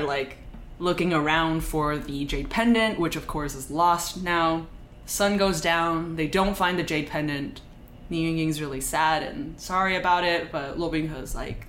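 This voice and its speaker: A woman podcast host casually recapping a story in an animated, quick way. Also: fairly low pitch. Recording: echoey room, faint noise.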